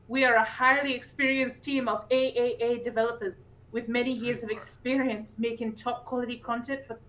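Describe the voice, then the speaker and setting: A woman's voice: on the high side, fairly bright tone, poor audio. A woman with a Yorkshire accent co-hosting a casual roundtable podcast, reading an email aloud with giggly asides. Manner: giggly, chatty, reads with frequent asides. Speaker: podcast co-host.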